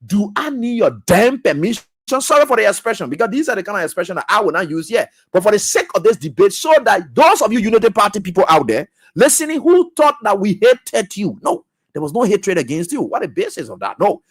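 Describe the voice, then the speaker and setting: A man hosting a radio talk show, giving animated, scolding political commentary. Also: high voice, fast, few pauses, breathy edge.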